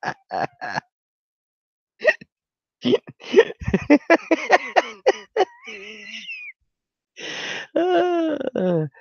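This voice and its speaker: A man's voice: very high-pitched, wildly swooping pitch, extremely slow, creaky, long pauses, no room sound, muffled recording. A man hosting his channel, reacting to videos with blunt, profane, sarcastic commentary. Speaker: channel host.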